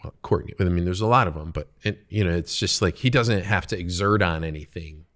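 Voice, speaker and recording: In a low but fairly bright voice, and at a fairly quick clip, this podcast host talks loosely about his work and coworkers. His thoughts keep trailing away and restarting as he goes.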